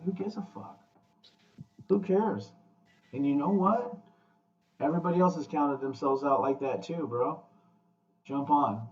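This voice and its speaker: Blunt, swearing man in an echoey room. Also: mid-range voice. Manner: blunt, profane, animated pep talk. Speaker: podcast host. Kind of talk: casual podcast chat. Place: room with guests. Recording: echoey, distant, muffled room mic.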